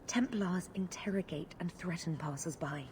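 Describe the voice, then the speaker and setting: An actress voicing an anxious woman who pleads in a hushed, half-whispered way for news of her missing brother. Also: fairly low pitch, normal speed, a little hiss or hum, natural voice. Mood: worried.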